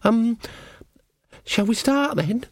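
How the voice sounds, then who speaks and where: A nervous, earnest young woman witch, voiced by a male reader, pitched far above his own voice. She stammers and hesitates, heard up close in a dry recording. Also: lively intonation, slow, no room sound, full character voice. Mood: hesitant.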